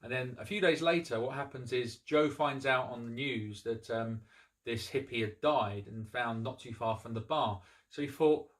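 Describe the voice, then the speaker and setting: A man talking through a film's story for his review channel, in an easygoing, unscripted way. He often pauses on ums and restarts his sentences, and his voice sits at an ordinary middle pitch. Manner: relaxed plot retelling, frequent ums and restarts. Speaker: movie review host. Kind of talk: casual spoken movie review.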